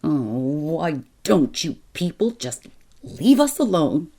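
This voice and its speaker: A woman's voice: low-pitched, sing-song, slow pace, mellow, exaggerated voice. A woman voicing an angry, shaken young woman who speaks bitterly and pleadingly in a spoken story.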